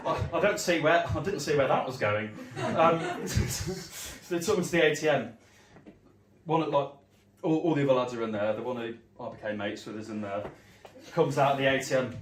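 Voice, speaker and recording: A man's voice: medium pitch, moderate pace, a little hiss or hum. A young man, from Leicester, telling a rambling, sweary stand-up story with many ums. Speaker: stand-up comedian. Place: comedy gig room. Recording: roomy echo, heard from far off.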